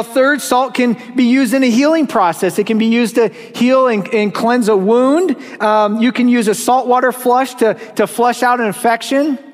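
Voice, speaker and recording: A man with a strikingly high voice delivers an earnest, emphatic sermon as pastor, repeating key words and slipping in wry jokes about himself. His voice rings out in a church hall with a long, trailing reverb. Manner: earnest, emphatic preaching with repeated words and light self-mocking asides.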